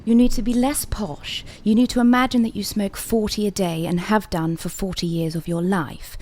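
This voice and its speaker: A woman's voice: mid-range voice, steady tone, moderate pace, darkish tone. A woman playing a theatrical voice coach in a game role-play, speaking in a poised, lecturing manner. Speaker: voice coach character.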